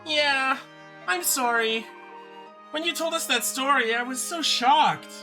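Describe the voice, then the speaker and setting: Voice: sits high, slow pace, bright, forceful tone, soft background music, pitched above the performer's own voice, full character voice. A streamer voicing a young, earnest and anxious sister character from a video game, reading the dialogue aloud. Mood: pleading.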